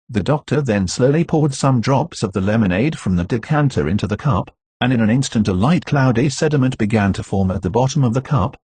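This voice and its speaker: A man narrating a classic novel in a steady, measured reading, recorded close to the mic. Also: medium pitch, slightly rough, no echo. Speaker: audiobook narrator.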